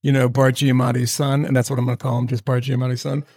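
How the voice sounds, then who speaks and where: A man's voice: medium pitch, flat delivery, darkish tone, dry recording, studio quality. A man co-hosting a podcast from a home video setup, rambling and joking in casual chat and swearing now and then. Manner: rambling, jokey, swears, does quick mock voices. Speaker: podcast co-host.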